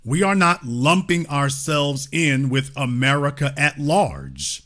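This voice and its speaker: Man hosting a call-in, combative, interrupting, fairly high voice. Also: animated, slow, fairly bright tone. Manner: confrontational, cuts in repeatedly. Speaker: host. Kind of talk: heated call-in debate.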